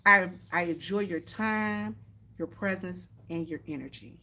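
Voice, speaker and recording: Heavy background noise surrounds a woman whose voice is on the low side and unhurried. A vlogger out in the countryside by the horses, she talks casually to her phone-stream viewers, going over the same points and saying "y'all" repeatedly.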